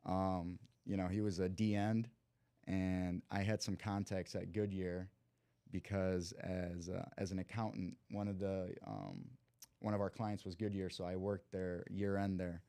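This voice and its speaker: A young man with a deep, mellow, smooth voice tells a long story as a podcast guest. He talks in loose slang with plenty of "like" and acts out what everyone in the story said. The sound is dry and close to the mic. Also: unhurried, dry recording. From Cleveland, USA. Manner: lively storyteller who acts out quoted dialogue; loose slang and frequent "like" fillers. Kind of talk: casual storytelling.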